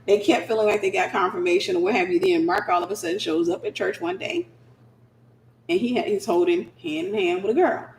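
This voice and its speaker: A woman giving a lively, conversational Christian teaching, slipping into acted-out scenes. Her mid-pitched voice rings around a roomy, echoing space. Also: fairly quick, creaky, a little hiss or hum. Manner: animated, conversational, acts out scenes. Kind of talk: preaching-style teaching. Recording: roomy echo.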